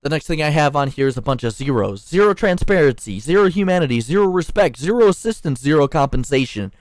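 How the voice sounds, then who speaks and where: A man's voice: fairly high pitch, expressive, fast talker, a little mellow, no room sound. Fired-up, profane young man ranting. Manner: profane, heated, sarcastic. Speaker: store worker venting about management. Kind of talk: angry ranting monologue.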